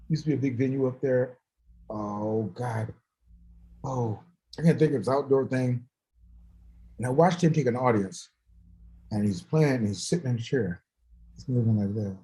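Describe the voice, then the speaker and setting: A man's voice: medium pitch, low-quality recording. A man who is a guest musician, telling stories in a casual chat, acting out the voices of the people he quotes and laughing often. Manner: animated, laughing storyteller who acts out quotes.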